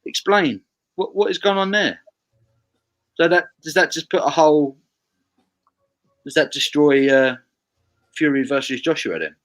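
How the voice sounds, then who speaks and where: A man's voice: a little high, a little slow, long pauses, a bit bright, poor audio. A man from England hosting a casual live stream, reading viewer comments aloud with frequent stammered restarts.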